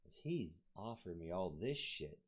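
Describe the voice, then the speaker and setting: Slightly rough and low-pitched, the man speaks at a moderate pace as a guest on a podcast with dull lo-fi audio. His casual storytelling is animated and full of swearing, and he imitates the people he quotes.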